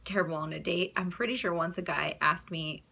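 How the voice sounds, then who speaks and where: Bright, chatty young American woman. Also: fairly low pitch, a little fast, gravelly. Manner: chatty, giggly, trailing off and restarting. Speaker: vlogger. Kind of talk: casual storytelling to camera.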